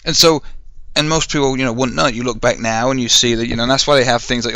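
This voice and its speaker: A man's voice: mid-range voice, steady tone, fast, few pauses, pushed and bright, no room sound. A man hosting a podcast, ranting heatedly in a solo monologue, swearing and firing off rhetorical questions. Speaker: podcast host.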